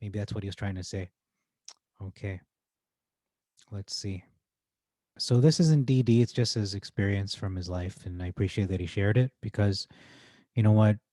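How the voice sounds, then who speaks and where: A man hosting casual stock-market commentary, reading forum posts aloud in an excitable, rambling way with frequent self-corrections. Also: on the low side, moderate pace, long pauses, no echo. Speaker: host.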